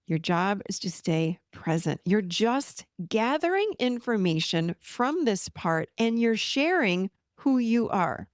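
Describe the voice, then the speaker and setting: A woman in her forties hosts a podcast and teaches a self-help method, coaching her listeners gently and reassuringly. She speaks in an animated voice of middle pitch. Her voice is recorded dry and close, with no room sound. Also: a little slow, hardly any pauses, no room sound. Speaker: podcast host and therapist.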